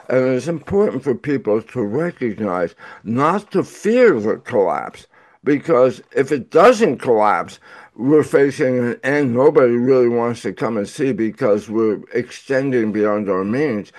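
A man in his eighties speaks as an interview guest, laying out his points in an earnest, lecturing tone. He takes his time, moving at a slow, deliberate pace and pausing on filler sounds, and his voice sits at an ordinary middle pitch. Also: darkish tone. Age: 80s. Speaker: guest author. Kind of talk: interview answer.

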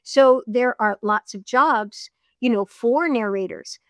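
Chatty higher-voiced woman narrator. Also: dry recording, studio quality. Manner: chatty, storytelling, quick to laugh. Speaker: voiceover artist and audiobook narrator. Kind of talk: casual interview chat.

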